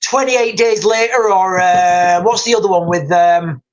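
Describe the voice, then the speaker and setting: A man hosting a livestream, chatting casually and reading out viewer comments in a rambling, excitable way with lots of repeats and fillers. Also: high voice, measured pace, dull audio. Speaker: livestream host.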